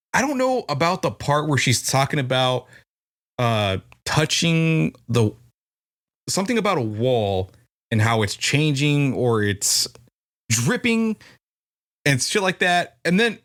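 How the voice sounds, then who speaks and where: A man's voice: medium pitch, fairly bright tone. A man co-hosting a podcast, musing loosely and profanely about a song's meaning in casual chat. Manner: loose, profane, thinking aloud. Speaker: podcast co-host. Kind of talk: casual music review chat.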